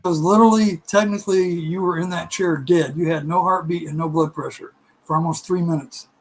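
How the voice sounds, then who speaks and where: A middle-aged man telling a casual, animated story, laughing and acting out other people's voices. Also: on the high side, a little fast, low-quality recording. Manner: animated, laughing, acts out voices in his stories.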